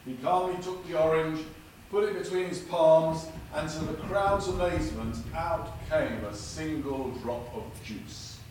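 A man preaching a sermon with jokes, delivered in a lively, dramatic way in a church. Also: measured pace, few pauses. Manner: lively, dramatic delivery with big pitch swings. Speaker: guest preacher. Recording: echoey church from far off with noise.

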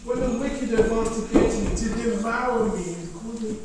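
A man with a sore throat giving a rambling, self-deprecating devotional talk, reading scripture aloud with halting restarts. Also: very high-pitched. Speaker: devotional speaker. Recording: echoey room, distant mic, faint noise.

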